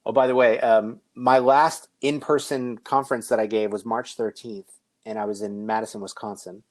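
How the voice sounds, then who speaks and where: A man's voice: fairly low pitch, level tone, normal speed. A middle-aged man giving a conference keynote, conversational with joking asides. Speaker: conference speaker. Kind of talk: keynote presentation.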